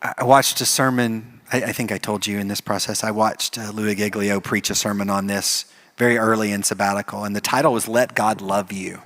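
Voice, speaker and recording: A man preaching a sermon as pastor, telling the story in an animated way and acting out the characters. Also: fairly low pitch, fairly quick. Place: church.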